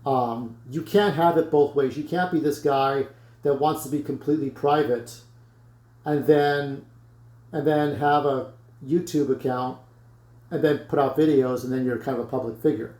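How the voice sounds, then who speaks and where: A man's voice: medium pitch, steady tone, normal speed, a little mellow, echoey room. A man ranting casually to camera in a blunt, rambling way, swearing freely. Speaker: YouTuber vlogging to camera.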